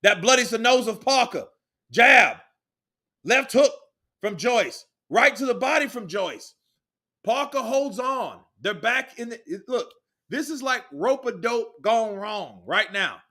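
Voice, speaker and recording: A man giving casual, excitable live play-by-play commentary on a boxing match, calling punches rapidly and swearing freely. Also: very high voice.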